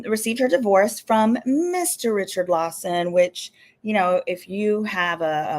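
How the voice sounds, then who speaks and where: A woman lawyer hosting a casual livestream, chatty and sassy, full of exasperated asides. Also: fairly low pitch. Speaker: attorney and show host.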